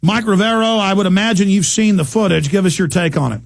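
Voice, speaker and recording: Intense gravelly radio host. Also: male voice, high voice, fast, dry recording. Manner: intense, rambling, with impressions and laughs. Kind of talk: talk radio monologue. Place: radio studio. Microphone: studio mic.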